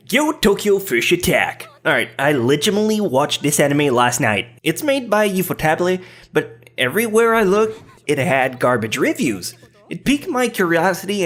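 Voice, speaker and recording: A man with a French accent hosting a countdown list in a cheeky, joking way, with some swearing. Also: on the high side. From France. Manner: cheeky, swears, teasing jokes. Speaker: anime list host. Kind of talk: scripted countdown commentary.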